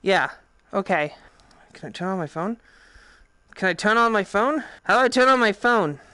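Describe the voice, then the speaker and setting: A woman with a Boston accent giving casual, profane, excitable commentary while playing a VR game. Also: mid-range voice, normal speed, clear, resonant tone, no echo, studio quality. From Boston, USA. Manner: profane, excitable, thinking aloud. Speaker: VR game streamer. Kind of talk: casual let's-play commentary.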